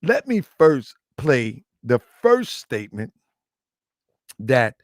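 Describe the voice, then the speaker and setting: A slightly hoarse man hosting a livestream, talking casually and muttering asides as he sets things up. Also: medium pitch, very animated, takes it slowly, dry recording, studio quality. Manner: chatty, repetitive, muttering asides while setting up. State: slightly hoarse, lost some voice. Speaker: livestream host.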